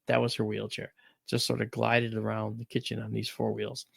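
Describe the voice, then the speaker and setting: A man's voice: on the low side, completely flat delivery, moderate pace, vocal fry, husky, no echo, studio quality. A man hosting a talk show, chatting casually and telling rambling, emphatic stories. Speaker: radio show host. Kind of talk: casual storytelling chat.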